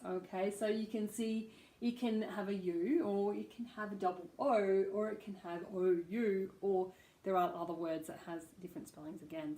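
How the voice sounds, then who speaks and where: An Australian woman coaches pronunciation, modelling vowel sounds one by one. She speaks slowly and patiently, and her voice rings in an echoey room. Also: mid-range voice, warm tone. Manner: slow, patient, demonstrating sounds. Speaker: accent coach. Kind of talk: pronunciation lesson.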